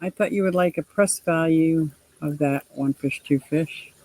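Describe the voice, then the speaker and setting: A woman's voice: low-pitched, a little mellow, no echo, rough recording. A woman doing an impression of a chatty male fishkeeping friend as she hosts a casual live stream by her fish tank, cheerful and gushing. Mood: upbeat. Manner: cheerful, gushing, quick to laugh.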